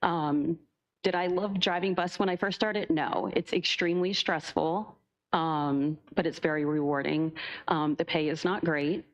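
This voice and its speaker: A woman's voice: low-pitched, steady tone, a little slow. A young woman, a school bus driver, speaking nervously and emotionally during public comment, with many fillers. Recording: dull lo-fi meeting recording.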